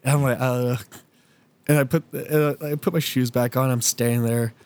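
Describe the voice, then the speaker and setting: A man's voice: medium pitch, fairly even intonation, moderate pace, a little mellow, no room sound. A young man animatedly telling a funny story as a podcast host, laughing often and swearing. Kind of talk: casual storytelling.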